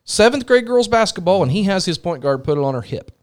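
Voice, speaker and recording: A man in casual chat, telling a story in a lively way. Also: sits high, fast, smooth.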